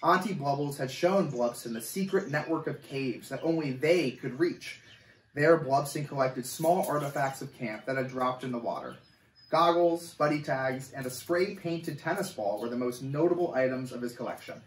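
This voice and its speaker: A man reading a chapter of a children's story aloud, with an animated, expressive delivery. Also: medium pitch, normal speed, far from the mic, slight background noise. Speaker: camp coordinator reading a story. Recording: echoey room, voice off-mic.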